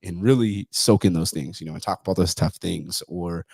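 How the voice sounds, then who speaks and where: A man's voice: sits low, normal speed, creaky, a little mellow, slightly rough, dry recording. A man in his thirties from California, hosting a podcast and telling personal stories in a profane, casual way, acting out the voices of people he quotes. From California, USA.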